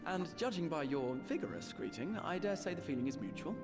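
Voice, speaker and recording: A man's voice: fairly high pitch, big pitch swings, fairly quick, a little mellow, faint music behind. An actor playing an earnest young male scholar in a game cutscene, speaking formally and politely. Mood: pleading. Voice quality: formal, old-fashioned, courteous diction. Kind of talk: video game cutscene voice acting.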